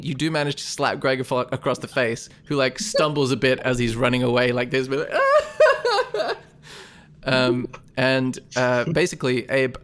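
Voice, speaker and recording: A man's voice: mid-range voice, fairly bright tone. A man narrating as game master, casual and often laughing.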